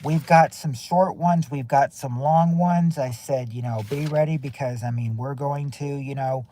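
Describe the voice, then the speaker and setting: A mid-range, dark voice moving a little slowly belongs to a stream host from the southern United States. In his Southern accent, he talks casually to his chat, rambling and repeating himself.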